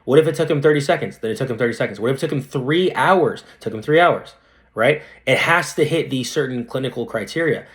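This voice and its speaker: A young man who works as a dentist chats as a guest on a podcast in a casual interview. His voice is medium-pitched and fast, and he's animated and full of slang, saying "dude" a lot.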